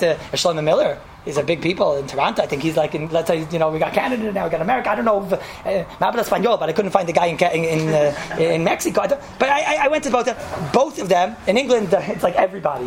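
A man's voice: high-pitched, gravelly, a little hiss or hum. A man giving a casual, rambling Torah talk, telling a story and sprinkling his speech with Hebrew and Yiddish terms.

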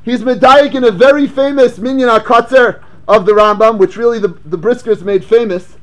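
High-voiced man giving an animated Torah class. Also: moderate pace. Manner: animated, rhetorical questions, Yeshivish English with Hebrew and Yiddish terms. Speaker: rabbi teaching Torah class. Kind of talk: Torah lecture.

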